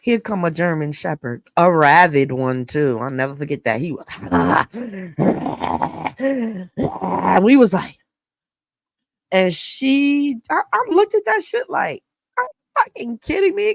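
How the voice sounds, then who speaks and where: A middle-aged woman from New York State, hosting an astrology channel and telling a story in a casual, animated, profane and slangy way. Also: lowish voice, slow, creaky, no echo.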